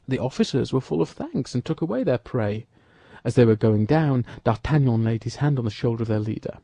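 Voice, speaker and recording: A man narrating an audiobook in an expressive, dramatic storytelling manner. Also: mid-range voice, brisk, no room sound. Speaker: audiobook reader. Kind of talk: scripted narration.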